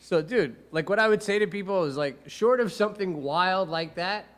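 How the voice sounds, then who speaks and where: Acting out quotes as he goes, a man who is a defense attorney and podcast host shares courtroom stories casually, animated and swearing freely. He has a high voice and speaks at normal speed.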